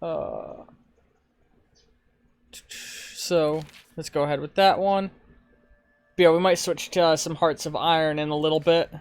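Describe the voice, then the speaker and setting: Casual male streamer, slightly high voice, chatty and loose. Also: steady tone, measured pace, long pauses, clean tone. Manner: rambling, informal, swears. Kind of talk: casual live-stream game commentary.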